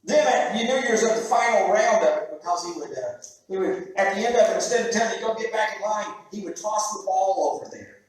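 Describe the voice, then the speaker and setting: A man preaching a sermon, telling a story in a conversational way with halting restarts. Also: sits high. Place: church sanctuary. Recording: very echoey room, heard from a distance.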